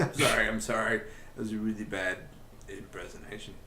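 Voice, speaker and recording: A young man chatting casually over a let's play, telling stories in a rambling, animated way. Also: on the low side, fairly quick, a little hiss or hum. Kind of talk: casual gaming chat. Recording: echoey room.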